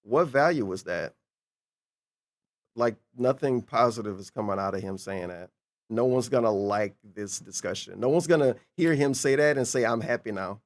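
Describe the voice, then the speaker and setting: A man's voice: mid-range voice, expressive, normal speed. A man streaming a casual reaction commentary, sarcastic and incredulous, swearing freely as he mocks the clip.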